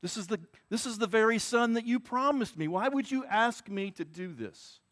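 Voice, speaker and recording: A man voicing an anguished aged father who questions God in halting, pleading bursts. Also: high-pitched, expressive, a bit bright, pitched above the performer's own voice.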